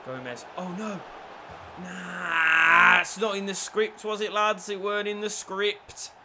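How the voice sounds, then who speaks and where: A man commentating on his own football video game play, shifting between low muttering and shouted excitement. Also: slow, vocal fry, a little hiss or hum. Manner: lively, swings from low mutters to shouted celebrations. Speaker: gaming YouTuber.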